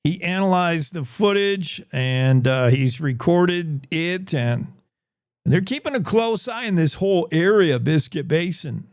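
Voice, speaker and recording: A man's voice: on the high side, expressive, unhurried, no echo, studio quality. A man hosting a news show, joking and rambling with comic asides. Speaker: show host. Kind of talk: casual news commentary.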